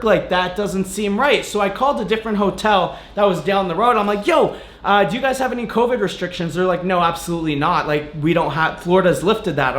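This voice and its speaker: Animated young man vlogging, echoey room. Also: high voice. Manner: animated, swears freely, retells conversations. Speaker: fitness vlogger. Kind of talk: casual vlog storytelling. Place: hotel room, then gym.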